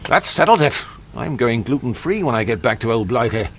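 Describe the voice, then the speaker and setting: An actor playing a polite, dry English gentleman astronaut in a studio game, with an English accent and a proper, understated manner. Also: mid-range voice, expressive, brisk, soft background music.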